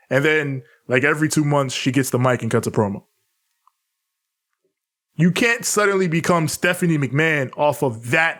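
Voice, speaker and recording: A man, on the higher side for a male voice, rants bluntly through a casual podcast chat. His delivery is profane and opinionated. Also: fairly bright tone. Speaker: podcast co-host. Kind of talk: casual wrestling recap chat.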